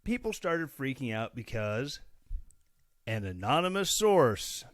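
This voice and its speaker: A podcast host from Missouri, USA, speaks slowly in a mid-range, sing-song voice. His casual solo commentary is chatty and sarcastic, with a self-mocking streak.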